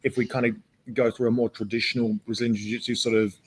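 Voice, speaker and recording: A man's voice: medium pitch, little pitch movement, fast talker, slightly rough. A man talking casually as a jiu-jitsu coach on a live stream, rambling with many fillers and restarts.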